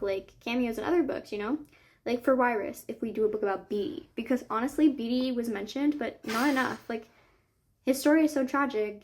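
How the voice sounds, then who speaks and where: A woman's voice: a little high, darkish tone. Chatty young woman, rambling book talk. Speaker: book vlogger. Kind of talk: casual chat while making a digital journal.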